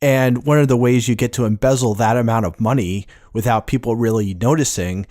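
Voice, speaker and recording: A man co-hosting a podcast, talking in a hesitant, halting way with many restarts. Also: medium pitch, a little mellow, no echo, clean studio sound. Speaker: podcast co-host. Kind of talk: casual podcast review chat.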